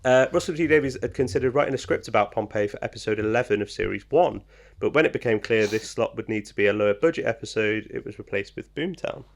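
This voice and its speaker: Man, podcast co-host, gravelly low edge, reads trivia casually with lots of ums and jokes. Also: quick pace. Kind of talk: casual chat.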